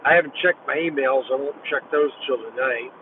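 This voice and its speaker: A man's voice: mid-range voice, fairly quick. A tired man mumbling and rambling while hosting a casual livestream, talking from inside a moving vehicle. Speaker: livestream host. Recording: tinny distant mic with loud vehicle noise.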